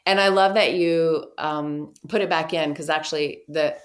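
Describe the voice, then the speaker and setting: A woman guest on a podcast, a clinical officer at a treatment center, telling lively stories and acting out quoted dialogue. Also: low voice, moderate pace. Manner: lively storyteller who acts out quoted dialogue. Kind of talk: podcast conversation, storytelling.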